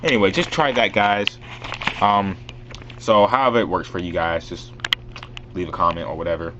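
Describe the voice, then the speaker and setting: Rambling low-voiced man giving tips. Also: moderate pace, lo-fi sound, background noise. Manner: rambling and filler-heavy, full of "like" and "um". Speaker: vlogger teaching a voice impression. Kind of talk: casual how-to vlog.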